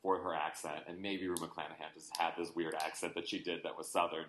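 Man, very deep voice, casual podcast chat, knowledgeable explaining, echoey room, faint noise. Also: level tone, brisk, a bit bright. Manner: knowledgeable, explains at length with fillers. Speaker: podcast co-host.

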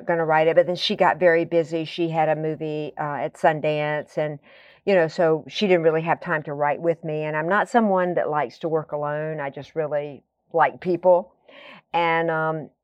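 A woman's voice: low voice, fairly even intonation, normal speed, no echo, dull audio. A woman guest telling long, rambling stories in casual conversation, full of fillers and tangents. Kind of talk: conversational storytelling.

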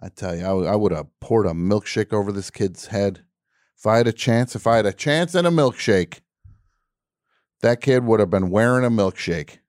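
Grumbling radio host with a low voice. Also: male voice, animated, moderate pace, darkish tone, no room sound, clean studio sound. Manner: grumbling, exasperated storytelling with mock outrage. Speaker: radio call-in show host. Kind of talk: comedic call-in radio rant.

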